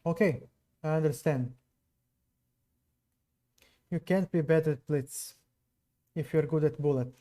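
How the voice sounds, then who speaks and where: Serbian guy streaming chess, talks real slow, kinda high mellow voice, chats w viewers. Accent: non-native English. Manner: slow, musing, chats with viewers between moves. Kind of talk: live stream commentary while playing.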